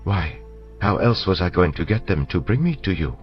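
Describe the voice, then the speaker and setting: A man voicing a calm, formal male scholar in an audiobook, polite and measured, on a dull lo-fi recording with faint music. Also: deep voice, voice pushed up.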